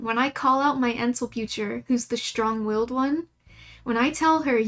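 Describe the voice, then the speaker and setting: Chatty young woman with a higher voice. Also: unhurried, a bit bright. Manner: rambling, chatty, laughs often. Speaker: livestreamer drawing emotes. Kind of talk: casual chat while drawing.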